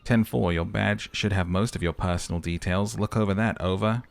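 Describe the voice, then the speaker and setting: A man's voice: on the low side, steady tone, normal speed, gravelly. A man doing a polite by-the-book radio dispatcher. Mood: formal. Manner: formal radio procedure talk.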